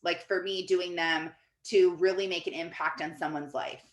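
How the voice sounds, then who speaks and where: A woman's voice: fairly low pitch, steady tone, moderate pace. A woman life coach giving a casual, chatty coaching talk to her team in an office, often filling with "like". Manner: chatty, fills with "like". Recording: echoey room.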